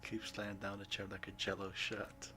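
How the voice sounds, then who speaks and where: A man's voice: lowish voice, monotone, moderate pace, bright, forceful tone, slight background noise. A man casually reading game text aloud with amused asides. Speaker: gaming streamer.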